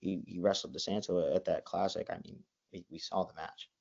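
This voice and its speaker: Low-voiced young man, rambling chat. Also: level tone, a little fast, creaky, darkish tone, husky. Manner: rambling, full of likes and restarts. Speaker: college wrestler, guest. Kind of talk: casual interview. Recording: dull lo-fi sound.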